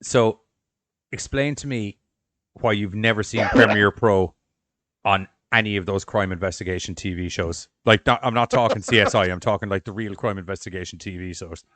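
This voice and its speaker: A man with a low voice riffs sarcastically in a casual podcast group chat, swearing as he goes. The sound is dry and close, with no room around it. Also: moderate pace, no room sound. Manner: sarcastic, animated, swears freely. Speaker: podcast co-host and video editor.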